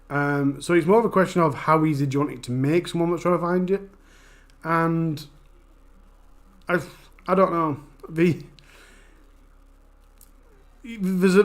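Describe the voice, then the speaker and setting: A man with a broad Yorkshire accent, casually chatting with viewers on a live stream, talking quickly and informally. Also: fairly high pitch. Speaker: true crime channel host.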